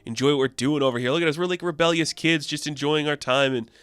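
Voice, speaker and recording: A man's voice: on the high side, fast, a bit bright, smooth, no echo, lightly acted. A man paraphrasing a young robot inventor. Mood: carefree. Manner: offhand, casual paraphrase. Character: young male robot inventor, carefree then grieving.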